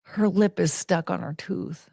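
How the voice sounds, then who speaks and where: A woman hosting her own show, chatting casually with viewers and cooing to her dogs in soft baby talk, laughing often and trailing off mid-sentence. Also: on the low side, steady tone, unhurried, creaky, no echo, clean studio sound.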